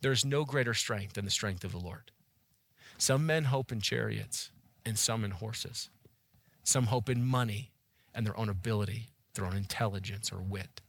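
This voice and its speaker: A man in his thirties preaching a sermon, earnest and emphatic, building to loud peaks. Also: fairly low pitch, normal speed. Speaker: pastor.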